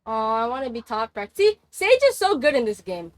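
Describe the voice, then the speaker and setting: A woman's voice: fairly high pitch, big pitch swings, dry recording. Chatty young woman streamer, dry sound. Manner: chatty, swearing, quick to laugh and exclaim. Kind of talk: casual live game-stream chat.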